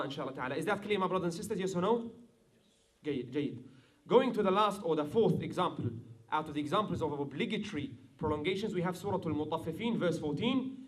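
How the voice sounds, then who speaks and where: A man teaching a Quran recitation class, explaining rules, chanting example verses and often asking his students if it is clear. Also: a little high. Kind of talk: online tajweed class.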